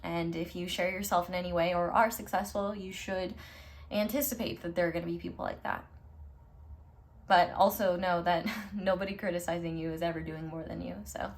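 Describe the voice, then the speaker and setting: A woman's voice: lowish voice, steady tone, fairly quick. A woman tarot reader speaking straight to her viewers in a pick-a-card reading, reassuring and affirming.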